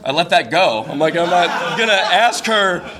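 A man's voice: high voice, expressive, moderate pace, a crowd in the background. A man telling a comic personal story, rambling with many fillers and self-interruptions, and adding wry, incredulous asides.

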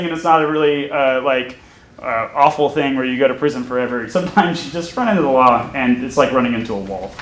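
A man's voice: a little high, fairly bright tone, slight background noise. A young man telling a personal story onstage before an audience, chatty and self-mocking, laughing as he talks. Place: stage before a live audience. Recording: echoey room.

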